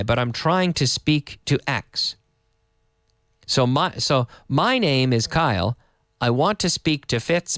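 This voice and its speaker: A young adult man teaching English in a live online lesson, chatty, explaining phrases and repeating them slowly. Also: mid-range voice, a bit bright, no room sound, clean studio sound.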